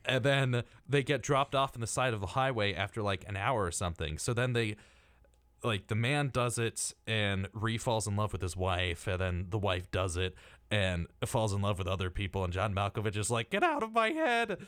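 A man's voice: on the low side, normal speed, a bit bright, no room sound. A young man co-hosting a casual college radio talk show, rambling with lots of fillers and laughing often.

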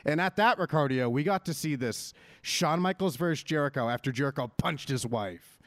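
A man talks over wrestling in a lively, swinging voice that sits a little high for a man. He rants hard and swears freely. The sound is dry and close, with no room to it. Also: normal speed, no echo. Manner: animated ranting, swears freely. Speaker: podcast co-host. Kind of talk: casual wrestling chat.

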